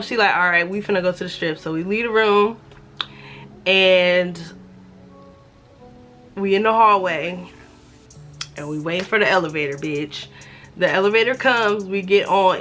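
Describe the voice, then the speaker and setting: A woman's voice: fairly low pitch, a bit bright. A young adult woman vlogger telling a casual, profane storytime, acting out the voices of the people in it.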